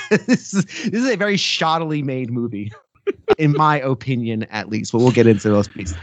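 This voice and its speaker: A man's voice: mid-range voice, normal speed, a little hiss or hum. A man co-hosting a movie podcast, chatting casually and telling stories with laughs. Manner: animated, laughing storyteller. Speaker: podcast co-host.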